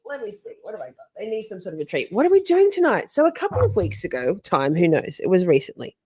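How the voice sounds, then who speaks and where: A woman's voice: mid-range voice, huge pitch swings, quick pace, dark tone, husky, no echo. A woman hosting a casual livestream from home, greeting viewers by name, chatty and a bit profane. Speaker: livestream host. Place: home, with dogs nearby.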